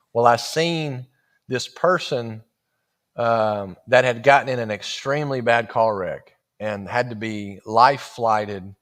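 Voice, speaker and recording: A middle-aged man telling a personal story at church in a casual, animated way, acting out the voices of the people he quotes. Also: medium pitch. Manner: animated, acts out quoted voices, laughs often.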